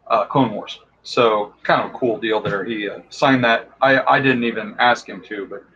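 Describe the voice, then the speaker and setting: A man's voice: on the low side, fairly even intonation, moderate pace, fairly bright tone, highs cut off, slight background noise. A man who makes costumes and props, talking casually and with enthusiasm about his tools, full of fillers. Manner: enthusiastic, rambling, many fillers. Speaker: costume and prop maker guest. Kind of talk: casual how-to talk.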